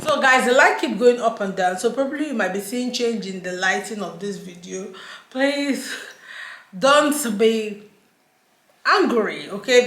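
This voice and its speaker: A woman's voice: medium pitch, a bit bright, roomy sound. A woman with a Nigerian accent from Nigeria, talking casually to camera as a vlogger, chatty and slipping into pidgin, laughing as she rants. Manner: chatty, mixes in pidgin, laughs while ranting. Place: indoors at home, daylight.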